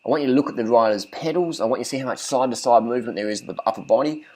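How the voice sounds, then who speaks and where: A man doing casual commentary over race footage, coaching viewers on riding technique. He talks bluntly, swears freely and hammers his points home by repeating them. His voice sits at an ordinary middle pitch. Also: racing, a little mellow, rough recording. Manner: blunt, profane, repeats phrases for emphasis. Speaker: cycling vlogger.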